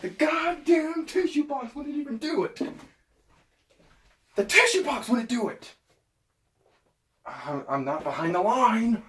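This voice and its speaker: Brief: male vlogger, jumpy and animated, slow and drawn-out delivery, cusses freely. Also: extremely high pitch. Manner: excitable, swears, yelps and shouts at misses; talks to his dog and himself. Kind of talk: casual self-talk while filming.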